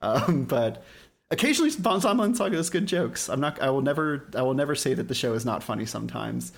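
A young man co-hosting a podcast, chatting casually and retelling scenes with lively put-on voices. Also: mid-range voice, quick pace, creaky. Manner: animated retelling of scenes, putting on character voices. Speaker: podcast co-host. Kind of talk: casual chat.

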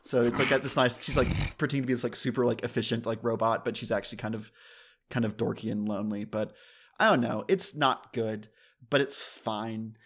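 A man's voice: medium pitch, fairly even intonation, fairly quick, a bit bright. A man co-hosting a casual chat, rambling through a review with lots of fillers and self-mocking asides. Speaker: podcast co-host reviewing anime.

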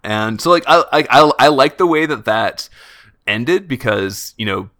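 A man's voice: mid-range voice, animated, measured pace, a bit bright, dry recording, clean studio sound. A young man co-hosting a podcast, chatting casually and rambling with many filler words. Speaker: podcast co-host. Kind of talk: casual chat about an anime.

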